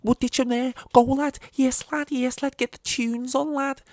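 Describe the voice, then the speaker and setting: A man's voice: normal speed, dry recording, clean studio sound. A man voicing a rowdy young Liverpool lad urging on a getaway driver, with a Liverpool accent. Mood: excited. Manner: excited shouting, high-pitched.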